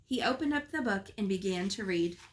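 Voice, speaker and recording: A woman teacher reading a picture book aloud to children in a calm, clear way. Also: medium pitch, brisk. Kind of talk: storybook read-aloud.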